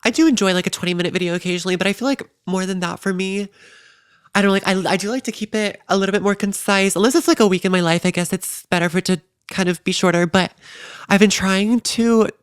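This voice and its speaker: A young woman chats upbeat as a podcast co-host, tossing in casual slang. Her voice is smooth and resonant, and the recording is dry with no room sound. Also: medium pitch, fast, no echo. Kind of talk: casual chat.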